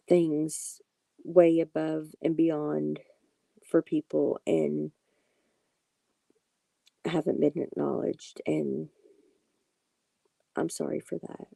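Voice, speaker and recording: A woman with a heavily gravelly, very dark and mellow voice, reassuring her viewers one by one in a casual live-stream chat. The sound is dry and close, and her pitch stays flat and unhurried. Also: no echo. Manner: reassuring, talks directly to viewers by name. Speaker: tarot reader hosting a live stream.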